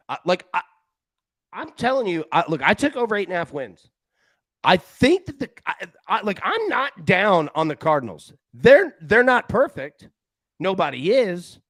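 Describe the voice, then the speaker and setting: A man hosting a sports betting talk show, chatting casually with a voice that jumps up and down in pitch. He tells stories in an animated, rambling way, often restarting mid-sentence. The sound is dry and close. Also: unhurried, no room sound. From Tennessee. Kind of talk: casual chat.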